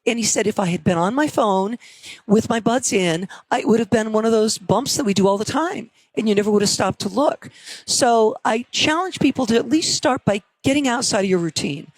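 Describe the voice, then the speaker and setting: A woman professor telling stories in a conversational interview, lively when quoting others. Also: fairly high pitch, fairly quick, no room sound, low-quality recording. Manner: storytelling, animated quotes. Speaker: professor and guest.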